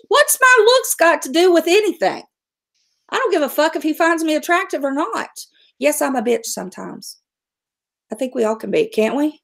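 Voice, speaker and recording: A middle-aged woman chats on her livestream in a blunt, outspoken way. She swears without a second thought and laughs easily, and her voice sits a little high. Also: big pitch swings, moderate pace, vocal fry, a bit bright. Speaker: livestream host. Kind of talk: casual livestream chat.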